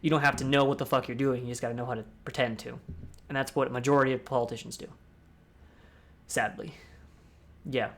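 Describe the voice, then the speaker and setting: A man's voice: mid-range voice, fairly even intonation, brisk, creaky, pauses often, fairly bright tone. Rambling young man on public speaking. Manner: rambling, with restarts and asides. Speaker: discord talk host. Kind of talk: casual talk on public speaking.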